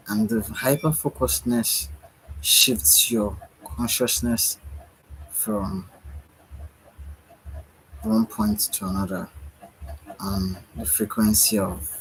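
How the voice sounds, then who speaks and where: A man's voice: lowish voice, fairly bright tone, slight background noise, low-quality recording. A tired man giving a musing spiritual monologue late at night, sighing and yawning as he talks. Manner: slow, musing, with sighs and yawns. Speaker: spiritual speaker.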